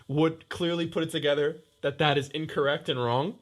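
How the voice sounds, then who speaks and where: A man's voice: on the high side, fairly even intonation, moderate pace. A young man co-hosting a podcast, teasing in casual chat with laughter. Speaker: podcast co-host.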